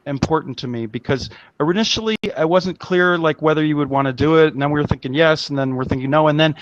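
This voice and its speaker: A man's voice: on the high side, quick pace, no room sound, lo-fi sound. A man hosting a live web show, talking in a rambling, agitated way and swearing often. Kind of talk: casual live-stream chat.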